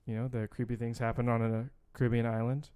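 A man's voice: mid-range voice, little pitch movement, fast talker, warm tone, clear, resonant tone. A man co-hosting a casual podcast, talking loosely and rambling, with casual swearing. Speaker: podcast co-host. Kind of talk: casual film-podcast chat.

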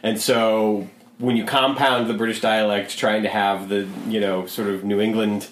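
A man co-hosting a podcast, talking casually in an animated, rambling way with frequent restarts. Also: on the low side, normal speed, slight background noise. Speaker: podcast co-host. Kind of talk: casual chat. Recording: roomy echo.

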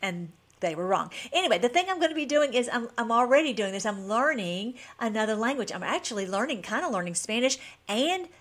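A woman's voice: fairly high pitch, lively intonation, brisk, few pauses, a bit bright. Chatty, eager woman vlogger. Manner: enthusiastic, rambling with frequent restarts. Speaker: channel host. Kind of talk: casual vlog chat.

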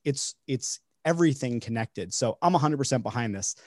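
A man hosting a podcast, speaking with eager excitement and many fillers in casual conversation. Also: medium pitch, a little fast, dry recording. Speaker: podcast host.

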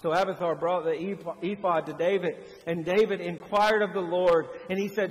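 A man's voice: high-pitched, fairly even intonation. Preacher man with long echoing reverb. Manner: swings from hushed and slow to loud and fervent. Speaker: pastor. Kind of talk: sermon.

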